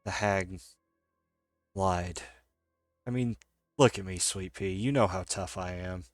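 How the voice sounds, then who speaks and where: A man voicing a tough mother who gently reassures her daughter. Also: low voice, slow, no room sound, clean studio sound, soft background music. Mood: tender. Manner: soft and reassuring.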